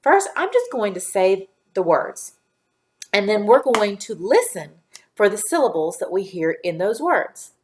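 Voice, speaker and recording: A woman teaching a phonics lesson to young children in a patient, clear teacher voice, sounding out letters one by one. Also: medium pitch, sing-song, a little slow.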